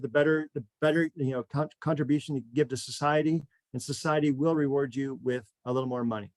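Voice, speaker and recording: A man hosting a real estate webinar, talking in an energetic, repetitive motivational way and a little out of breath. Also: on the high side, fast talker, hardly any pauses, no room sound. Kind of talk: enthusiastic webinar pitch.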